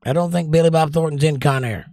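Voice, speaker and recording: A man's voice: a little high, fast, warm tone, no echo, studio quality. A Southern American man hosting a livestream, reading viewer comments aloud in a casual, chatty way and giving firm, opinionated takes. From Southern United States. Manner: opinionated, chatty, recommends movies with strong takes. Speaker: livestream host.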